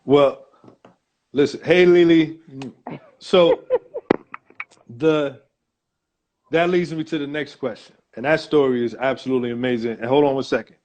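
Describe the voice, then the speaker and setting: A man's voice: medium pitch, fairly even intonation, a little mellow. A man hosting an interview in a casual, encouraging way. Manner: unhurried, encouraging, laughs along. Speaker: interview host.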